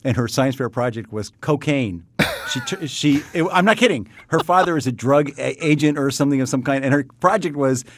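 An older man from New York, a guest humorist in casual radio chat, telling wry stories with an animated, laughing delivery. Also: mid-range voice, fairly quick, a little hiss or hum.

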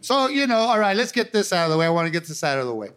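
A man's voice: high voice, very animated, very fast. A man doing a stand-up comedy set, talking in punchy slang with a laugh in his voice. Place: comedy club stage. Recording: live club audience and crowd noise.

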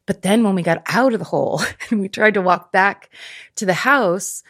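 Animated woman telling a story. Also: mid-range voice, no echo, clean studio sound. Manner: animated storyteller, quick bursts. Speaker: podcast guest. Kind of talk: casual chat.

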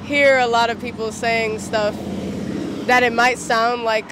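A woman's voice: fairly high pitch, level tone, a little slow, noisy background. A woman interviewed as a local resident, talking casually with many "like"s.

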